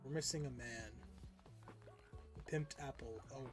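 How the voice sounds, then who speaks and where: A man streaming a game, chatting casually, excitable, swearing and laughing often. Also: mid-range voice, a little slow, over music. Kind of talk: casual gaming stream chat.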